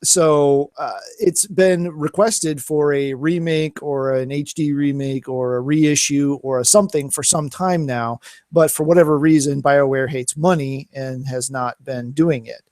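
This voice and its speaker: A man's voice: fairly high pitch, fairly even intonation, unhurried, a little mellow, no echo. A man co-hosting a gaming podcast, chatting casually with lots of fillers and restarts. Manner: rambling, many fillers and restarts. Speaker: podcast co-host.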